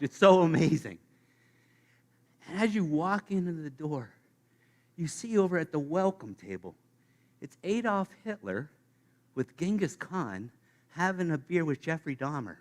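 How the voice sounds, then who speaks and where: A man preaching a sermon to his congregation, playful and animated, speaking straight to the listeners. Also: on the high side, a little slow, long pauses. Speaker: pastor. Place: church sanctuary.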